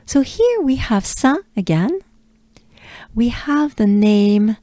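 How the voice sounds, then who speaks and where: French-accented woman, pronunciation coach, very slow patient drills, soft mellow voice, dry close sound. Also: fairly low pitch, expressive, no room sound. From France. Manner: patient, coaxing, repeats sounds slowly with breathy asides.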